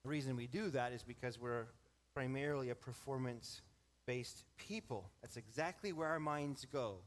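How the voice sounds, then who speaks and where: A man's voice: mid-range voice, normal speed. A man preaching a sermon to his congregation, explaining a Bible verse with emphatic stress and shifting pace. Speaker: pastor.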